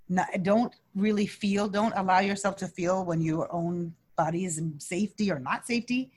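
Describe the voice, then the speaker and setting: A woman speaking as a wellness guest in a conversational interview, earnest and energetic, with frequent restarts and fillers. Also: mid-range voice.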